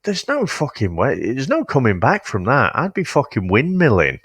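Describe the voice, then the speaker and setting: A man's voice: mid-range voice, huge pitch swings, normal speed, a bit bright, slightly rough, no room sound, clean studio sound. A man in casual film-review chat, blunt and swearing heavily as he thinks aloud. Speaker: podcast host.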